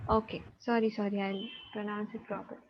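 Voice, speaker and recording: A woman's voice: medium pitch, level tone, a little fast, dull audio, a little hiss or hum. A woman math teacher, patiently checking students' answers in an online class over a video call.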